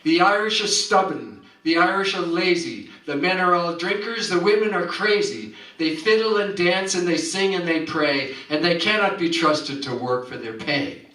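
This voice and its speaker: Shrill, scolding rich snob, a man doing the voice, roomy hall, distant mic. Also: animated, normal speed, hardly any pauses, sharp tone. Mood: scornful. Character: haughty rich old Yankee man.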